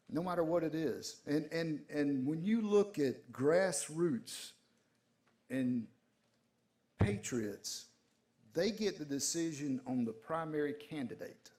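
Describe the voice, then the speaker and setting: A man's voice: mid-range voice, darkish tone. A middle-aged man from Georgia with a Southern accent, giving a folksy, joking political speech on a panel. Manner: folksy, joking, uses y'all. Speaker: panel speaker.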